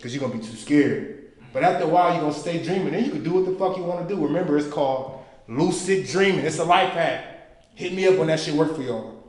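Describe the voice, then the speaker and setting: Profane young comedian, high voice, echoey room. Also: male voice, fast talker. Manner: profane, storytelling, acts out friends' voices. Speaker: stand-up comedian. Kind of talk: stand-up comedy set. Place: small indoor venue. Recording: echoey room picked up from a distance.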